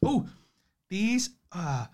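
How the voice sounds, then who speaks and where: A man co-hosting a podcast, telling stories in an animated, swearing, casual chat. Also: high voice, drawn-out words. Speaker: podcast co-host.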